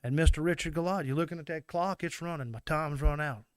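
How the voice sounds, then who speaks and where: A man's voice: on the high side, fast, smooth, dry recording. A man from Mississippi with a Southern US accent, an oyster fisherman giving an angry, emotional public comment at a meeting.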